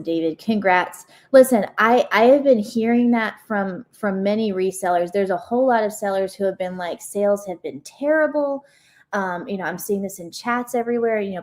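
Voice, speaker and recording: A woman in her thirties with a high-pitched voice, hosting a live stream in casual chat full of ums. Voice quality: self-described high-pitched voice. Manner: chatty, many ums, laughs easily. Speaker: livestream host.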